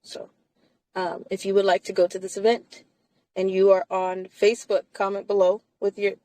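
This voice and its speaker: Woman talking live from her car, mid-pitched, punchy and laughing between lines, no room echo. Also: completely flat delivery, moderate pace, dark tone. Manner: emphatic, laughs often between phrases. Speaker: live chat host. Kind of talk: casual live chat. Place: inside a car.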